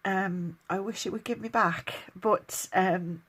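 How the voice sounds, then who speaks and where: A woman's voice: mid-range voice, slow pace, slightly rough. Middle-aged English woman, casual vlog Q&A, chatty with frequent laughs, weary. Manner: chatty, laughs often, emotional at times. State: tired, chronically ill. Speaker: vlogger. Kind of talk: casual get-to-know-me Q&A.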